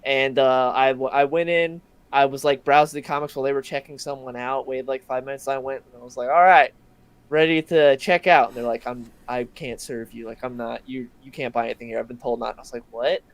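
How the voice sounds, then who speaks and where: A man's voice: medium pitch, fairly even intonation, brisk, no echo. Regular-voiced guy rambling a story on a panel, lotta "like"s, dry close sound. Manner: rambling, lots of "like" fillers. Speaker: panel guest. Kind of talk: casual anecdote telling.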